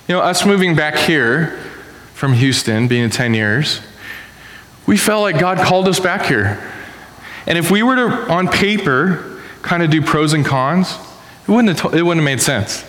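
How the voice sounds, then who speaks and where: A man in his thirties preaching a sermon to a congregation in a casual, animated storytelling way. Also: a little high, unhurried. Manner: animated storytelling, acting out voices. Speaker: pastor. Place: church hall. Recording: echoey hall with long reverb.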